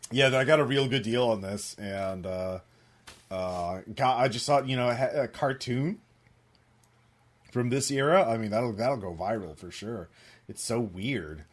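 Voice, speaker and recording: A man narrating as game master, rambling with many fillers and pauses. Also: on the low side.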